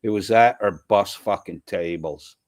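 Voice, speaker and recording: Man, congested, sore throat, low voice, dry close sound, profane rambling stream chat. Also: unhurried, darkish tone, no room sound. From US East Coast. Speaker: livestream host. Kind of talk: casual live-stream chat reading comments.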